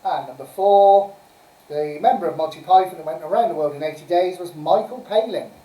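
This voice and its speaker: With a warm, low-leaning voice and a brisk pace, a woman hosts a laid-back live-stream quiz, chattering and giggling while announcing answers and scores. The far-off mic makes the room sound spacious.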